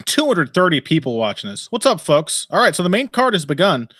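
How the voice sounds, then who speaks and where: A man's voice: a little high, sing-song, fairly quick, fairly bright tone, dry recording. A man hosting a casual live fight commentary stream, rambling and wry, swearing freely and laughing often. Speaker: podcast host. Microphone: headphones and desk mic.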